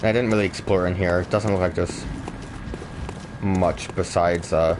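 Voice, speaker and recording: A man's voice: sits low, steady tone, normal speed, background noise. Joking man commenting on his game. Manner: joking, sarcastic, casual. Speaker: let's play host. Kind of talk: gaming commentary. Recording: game music underneath.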